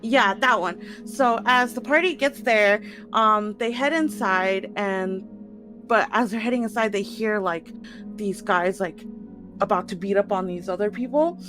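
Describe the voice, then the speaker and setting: A woman casually recapping the last tabletop session, animated, laughing and swearing often. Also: mid-range voice, a little slow, music in the background.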